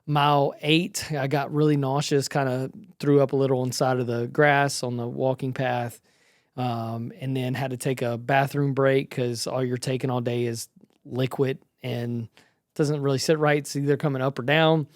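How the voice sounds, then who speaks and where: Man in his forties, casual race recap, chatty, self-deprecating, mid-pitched voice, dry close recording. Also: dry recording. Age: 40s. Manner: chatty, self-deprecating, lots of ums and restarts.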